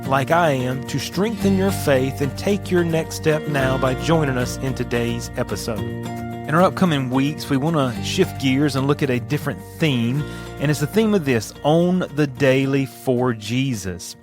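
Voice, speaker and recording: A man's voice: medium pitch, a little slow, music in the background. A man hosting a devotional podcast, teaching in an earnest, emphatic way and putting rhetorical questions to his listeners. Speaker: podcast host and Bible teacher.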